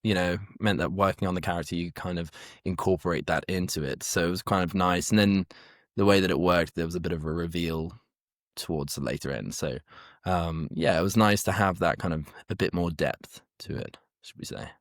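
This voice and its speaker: A British actor in a casual interview, laid-back and joking, with lots of "kind of" and "like". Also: male voice, sits low, brisk, no echo, clean studio sound. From Britain. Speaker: actor guest.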